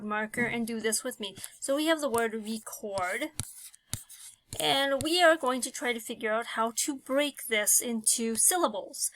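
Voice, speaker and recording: A woman's voice: fairly high pitch, fairly bright tone, dry recording. A woman teaching a phonics lesson, talking patiently and thinking aloud with many fillers.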